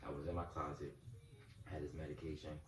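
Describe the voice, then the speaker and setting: Very deep fast-talking man. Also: little pitch movement, echoey room, recorded from a distance, slight background noise, poor audio. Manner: loose, rambling, many fillers. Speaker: host. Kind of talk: casual heartfelt interview.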